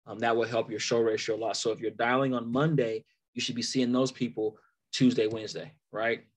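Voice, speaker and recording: A man's voice: mid-range voice, a little fast. A man giving a casual sales training talk, laid-back and laughing between points. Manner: animated storytelling.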